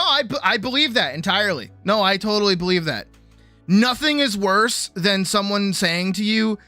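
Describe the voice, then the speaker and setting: A woman's voice: on the low side, bright, forceful tone, no room sound. A woman streamer chatting casually with her live audience, rambling and acting out other people's voices, swearing freely.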